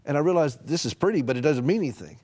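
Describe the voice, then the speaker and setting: A middle-aged man with a Southern US accent, telling folksy stories with humor and dropping to a gentle hush for emphasis as a guest on a Christian TV talk show. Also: on the high side, animated, racing, husky. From American South. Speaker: author and caregiver advocate.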